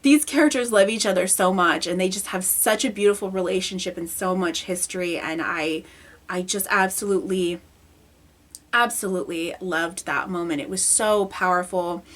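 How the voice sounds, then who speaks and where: A woman's voice: on the low side, normal speed, fairly bright tone. Chatty, emotional woman reviewing a show. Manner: emotional, chatty, frequent fillers and restarts. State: near tears. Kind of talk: casual video review.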